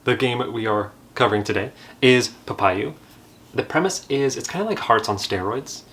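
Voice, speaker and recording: A man's voice: mid-range voice, normal speed, a bit bright, breathy edge. A young man hosting a board game channel, chatting casually and explaining a card game in a self-deprecating way. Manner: chatty, self-deprecating, laughs while telling.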